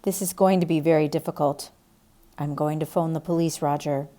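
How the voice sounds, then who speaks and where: Brief: a woman playing a measured, grave male doctor, slightly lowered voice. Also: steady tone, mellow, close to an everyday voice. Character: calm middle-aged male family doctor.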